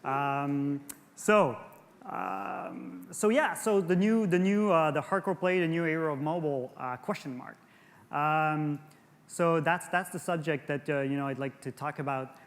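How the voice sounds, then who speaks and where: A man's voice: fairly high pitch, a little slow, creaky. French Canadian man talking in a reverberant hall. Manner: hesitant, with frequent restarts and repeated words. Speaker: conference speaker. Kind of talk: industry conference presentation. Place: large conference hall.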